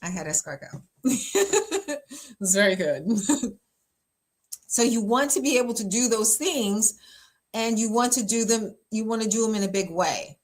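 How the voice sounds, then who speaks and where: Here a woman pastor offers laid-back relationship advice in a slightly high voice with lively intonation, keeping a measured pace broken by long pauses. She talks emphatically, uses plenty of fillers, and laughs readily.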